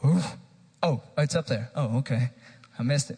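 Energetic male preacher, a bit higher-pitched, sermon recorded in a church with long reverb. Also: slow pace, pauses often, breathy edge. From Tennessee, USA. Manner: energetic preaching, addressing the congregation directly. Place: church sanctuary.

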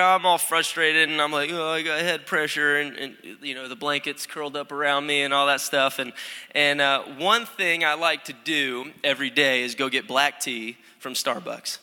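A man's voice: a little high, sharp tone. A young man, a student pastor, preaching a casual, self-deprecating sermon in a church while stuffed up with allergies. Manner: chatty, self-deprecating, lots of restarts. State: congested, stopped-up nose. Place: church sanctuary. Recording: long hall reverb.

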